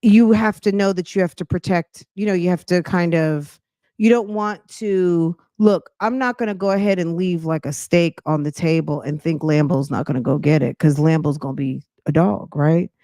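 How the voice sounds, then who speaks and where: A woman's voice: lowish voice, normal speed, dark tone, no echo, clean studio sound. Chatty out-of-breath woman podcast host. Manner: chatty, talks straight to viewers with slang. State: slightly out of breath. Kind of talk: casual commentary chat.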